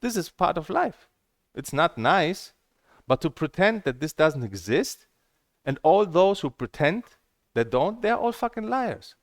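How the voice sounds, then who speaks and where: Blunt, heated man with a gravelly voice. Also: on the high side, sing-song, measured pace, no echo, clean studio sound. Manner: repeats himself, restarts phrases. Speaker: table tennis game vlogger. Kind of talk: casual ranting monologue.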